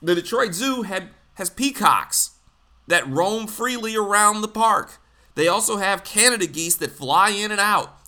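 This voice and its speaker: Man, fairly high and bright, blunt and exasperated, ranting commentary with profanity. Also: animated, a little slow.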